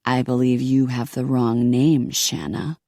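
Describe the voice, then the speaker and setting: Woman putting on a gruff thug on the phone. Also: extremely low pitch, level tone, unhurried, warm tone, dry recording, studio quality. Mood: menacing. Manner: gruff, threatening. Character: gruff menacing male caller, a thug. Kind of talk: audiobook character voice.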